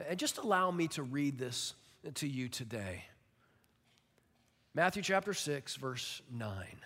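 A pastor in his forties preaching a sermon, animated and emphatic, acting out little stories. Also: mid-range voice, slow pace. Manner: animated, emphatic storytelling with acted-out quotes. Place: church auditorium. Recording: long reverb of a large hall.

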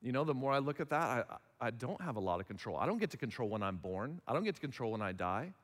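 A man's voice: medium pitch, very animated, fast talker, big-room sound. A man in his thirties preaching a sermon as pastor, conversational, acting out little dialogues. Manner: conversational, acts out little dialogues in other voices.

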